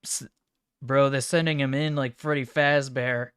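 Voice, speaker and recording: A man of ordinary pitch with a smooth, resonant voice chats casually through a live stream. He reacts to viewers' images in a mumbling, offhand way, broken by sudden excited bursts. The sound is close and dry. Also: a little slow, no room sound. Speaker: livestreamer reacting to chat images.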